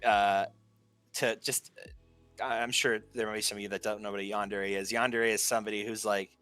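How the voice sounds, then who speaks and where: Man, casual podcast chat, bright edgy tone, animated storytelling, faint music underneath. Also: on the low side, brisk, smooth, dry recording. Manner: animated storytelling, acts out quoted lines. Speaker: podcast co-host.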